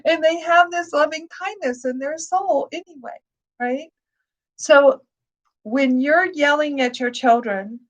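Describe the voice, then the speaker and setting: A woman teaching meditation in a calm, reassuring way, often repeating herself and laughing softly. Her voice sits high, and she speaks slowly and patiently, leaving plenty of space between her words. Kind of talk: gentle spoken meditation teaching.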